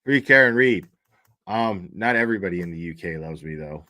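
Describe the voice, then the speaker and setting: Male stream host, lowish voice, loose, swears a lot, reads chat. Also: expressive, a little fast, sharp tone. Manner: chatty, profane, thanks donors by name. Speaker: livestream host. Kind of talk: casual livestream commentary.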